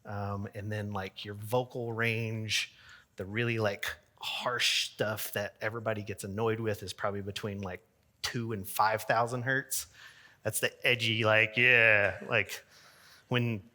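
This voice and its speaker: A man's voice: fairly low pitch, little pitch movement, measured pace, bright, forceful tone. A man who works as a church sound engineer, giving a chatty talk to an audience, with lots of fillers and joking asides. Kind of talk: casual conference talk.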